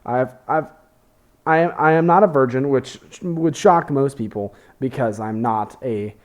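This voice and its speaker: A man's voice: mid-range voice, unhurried. Rambling young man, casual podcast talk. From Texas. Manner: rambling, profane, self-deprecating, many fillers and restarts. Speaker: podcast host. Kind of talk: casual monologue.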